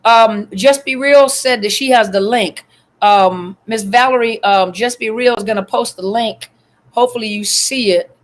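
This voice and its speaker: A woman's voice: on the high side, moderate pace. Woman doing a phone livestream, chatty, lots of ums, says hi to viewers by name. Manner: chatty, greets viewers by name, many fillers. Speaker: livestream host. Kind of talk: casual livestream chat.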